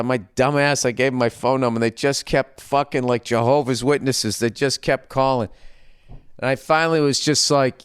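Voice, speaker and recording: A man in his fifties with a Boston accent, a comedian telling a profane, animated story on his podcast. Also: medium pitch, a little fast, smooth, no echo, clean studio sound. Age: 50s. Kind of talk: storytelling monologue.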